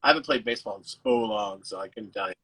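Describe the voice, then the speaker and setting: A man's voice: on the low side, quick pace, a bit bright, husky, low-quality recording. A man, an actor guest, chatting casually over a video call, loose and full of fillers and restarts, with the odd swear. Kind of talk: casual chat.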